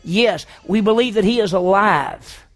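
High-voiced gravelly preacher. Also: male voice, unhurried. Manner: swings from loud emphasis to hushed near-whisper; asks the congregation questions. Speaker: pastor. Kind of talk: sermon.

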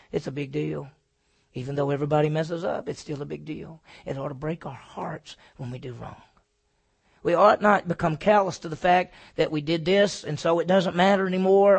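Male pastor, slightly high gravelly voice, husky; preaches loud then drops to a hush. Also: moderate pace. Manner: swings from loud emphatic preaching to hushed, near-whispered lines; asks the congregation questions and answers them himself. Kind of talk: sermon.

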